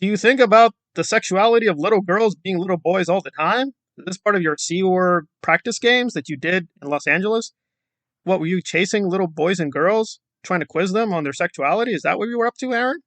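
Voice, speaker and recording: A man's voice: high-pitched, brisk, fairly bright tone, dry recording. A man delivering a combative, sarcastic commentary rant full of rhetorical questions. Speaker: commentary YouTuber. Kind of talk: ranting commentary vlog.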